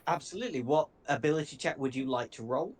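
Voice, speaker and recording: A man from northern England running a tabletop game as game master, easygoing and quick to laugh. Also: a little high.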